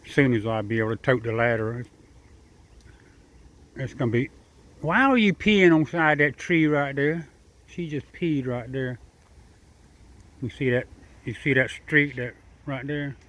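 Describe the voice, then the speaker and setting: A man's voice: medium pitch, steady tone, measured pace, long pauses, a bit bright. An older man, outdoors in his backyard, talking fondly to a squirrel and rambling to the camera. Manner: drawling, chuckling, rambling, talks sweetly to the squirrel. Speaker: backyard vlogger feeding squirrels. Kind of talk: casual talk to animals and camera.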